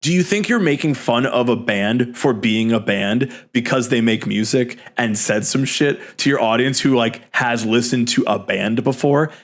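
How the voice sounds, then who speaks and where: A man in his thirties hosts a casual reaction chat, ranting animatedly, swearing and laughing at what he watches. His voice sits at an ordinary middle pitch for a man. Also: normal speed, few pauses. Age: 30s. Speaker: host.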